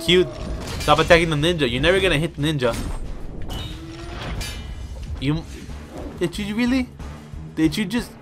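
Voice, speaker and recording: A young man giving excitable let's play commentary, talking to himself and trash-talking enemies with some swearing. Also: fairly high pitch, normal speed, long pauses. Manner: excitable, talks to himself while playing. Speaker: gaming video host. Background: faint background music.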